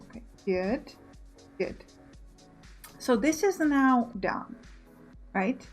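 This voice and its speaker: Let's play host, female, higher voice, musing and self-correcting, soft music behind. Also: expressive, drawn-out words. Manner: thinking aloud, self-correcting. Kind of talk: casual gameplay commentary.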